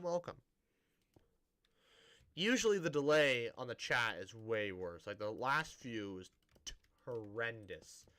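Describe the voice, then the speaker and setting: A man's voice: medium pitch, bright, forceful tone. A man streaming a building game, chatting casually to viewers in a rambling, self-interrupting way with a dry, sarcastic-sounding tone.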